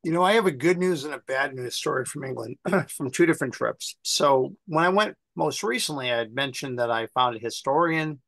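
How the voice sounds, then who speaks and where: An American man on a panel, telling family stories in a casual, animated way and acting out the voices of people he quotes. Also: medium pitch, fairly quick, gravelly, hardly any pauses, no room sound. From United States. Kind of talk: casual storytelling.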